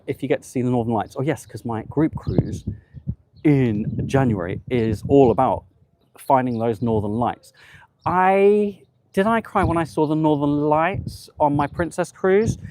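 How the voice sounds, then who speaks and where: A man's voice: medium pitch, mellow, slight background noise. A man hosting a live travel stream outdoors on a promenade, gushing and chatty, reading viewer comments aloud. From United Kingdom. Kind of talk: casual live-stream chat.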